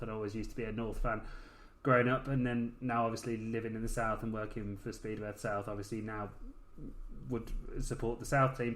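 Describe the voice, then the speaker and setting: A man's voice: fairly low pitch, roomy sound, low-quality recording. A man from Birmingham, a guest on a podcast, chatting casually and often restarting his phrases. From Birmingham, England.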